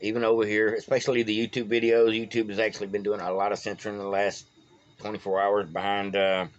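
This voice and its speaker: This Texan political vlogger rambles through casual solo commentary in a folksy manner, tripping over names. He speaks fast, with a lowish voice and flat delivery. The phone recording has its highs cut off.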